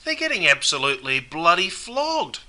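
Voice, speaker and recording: A man's voice: on the high side, big pitch swings, normal speed, bright, forceful tone, full character voice, rough recording. A man doing a slangy Aussie bloke. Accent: Australian. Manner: broad slangy ocker drawl. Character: laid-back Aussie bloke watching cricket. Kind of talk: scripted comedy sketch.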